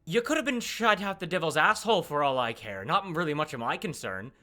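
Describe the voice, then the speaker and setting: A man's voice: on the high side, animated, a little fast, pushed and bright. Man doing a sly scornful woman moneylender.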